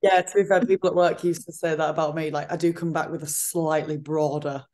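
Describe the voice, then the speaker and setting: A woman with a regional accent, a fitness coach chatting as a podcast guest, talking in an animated way with lots of "like". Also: low voice, a little fast. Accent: regional accent she calls her own. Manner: chatty, frequent "like" fillers, animated retelling. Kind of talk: casual interview chat.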